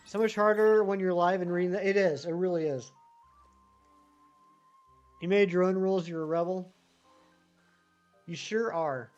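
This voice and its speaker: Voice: mid-range voice, darkish tone, highs cut off. A live-streaming gamer chatting casually with viewers, rambling and answering the chat while playing.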